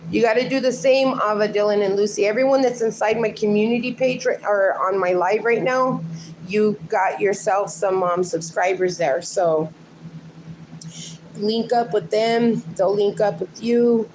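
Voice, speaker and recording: A middle-aged woman hosts a relaxed livestream from her home, chatting loosely with viewers and reading their comments aloud. She talks at an unhurried pace, and a steady hiss of background noise sits under her phone-mic voice. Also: mid-range voice. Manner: speaks fondly to her sleeping dogs. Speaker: livestream host. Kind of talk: casual livestream chat.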